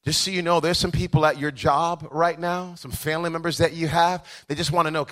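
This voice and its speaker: Man, pastor, sermon, fairly high voice, passionate, storytelling. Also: steady tone, fairly quick. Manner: impassioned, swinging from hushed asides to rising preacher's cadence; conversational storytelling with chuckles.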